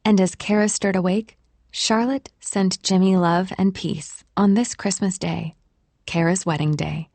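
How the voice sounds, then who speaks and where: Gentle female audiobook narrator, mid-pitched, dry studio sound. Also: steady tone, unhurried, dry recording. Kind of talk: scripted narration.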